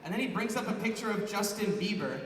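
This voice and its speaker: A man's voice: high-pitched, fast talker. A young man from Edmonton, telling chatty stand-up stories to a large convention crowd. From Canada, Edmonton. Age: young adult. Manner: chatty, animated storytelling with frequent "like"s. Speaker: stand-up comedian. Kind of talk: stand-up comedy set. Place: large convention hall stage before a big crowd. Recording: echoey hall recorded from far off with crowd noise.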